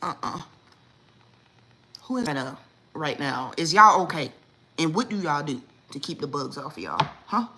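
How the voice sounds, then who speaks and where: A woman, hosting a casual livestream chat and telling stories in a lively, indignant way, acting out what people said. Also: deep voice, normal speed, a little hiss or hum, rough recording. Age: 40s. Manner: animated storytelling, acts out quotes, lively and indignant. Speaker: livestream host.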